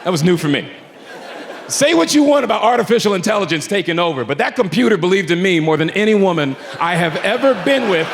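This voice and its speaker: A man on a comedy club stage tells his story with a high, lively voice that carries a gravelly edge. He drops to low mutters and then bursts into shouted punchlines. The live recording has a long reverb tail, and an audience laughs behind him. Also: brisk, a crowd in the background, noisy background. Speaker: stand-up comedian. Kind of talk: stand-up storytelling.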